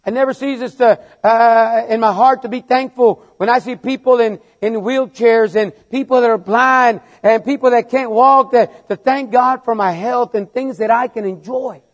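A middle-aged man preaching a sermon, halting and repeating words, then building into emphatic refrains. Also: very high voice, fairly even intonation.

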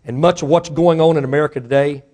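A pastor with a Mississippi Southern accent preaching a sermon, his voice swelling to fiery shouts and then falling to a hushed prayer. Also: on the high side, steady tone, quick pace. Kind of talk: sermon with altar call.

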